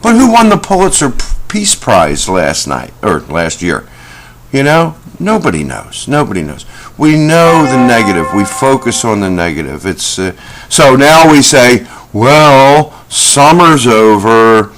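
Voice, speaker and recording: Middle-aged man as a self-help vlog host, rambling and folksy, pitch that rises and falls a lot. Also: wildly swooping pitch, normal speed. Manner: rambling, folksy, with many fillers and asides. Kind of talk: casual talk to camera.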